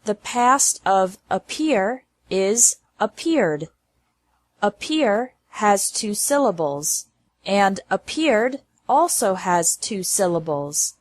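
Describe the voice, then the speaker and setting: A woman teaching pronunciation at a very slow, deliberate pace, spacing out every word. Her voice is mid-pitched and sits close to the mic in a dry room with no echo. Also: animated. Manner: slow, carefully enunciated word lists. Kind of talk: slow scripted lesson narration.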